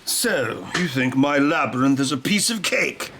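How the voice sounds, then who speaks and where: A man's voice: medium pitch, very animated, gravelly, fairly bright tone, full character voice. A man putting on a taunting impression of a theatrical goblin king villain, drawn out and mocking. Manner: slow, taunting, theatrical drawl. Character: sneering goblin king, mock-seductive male villain.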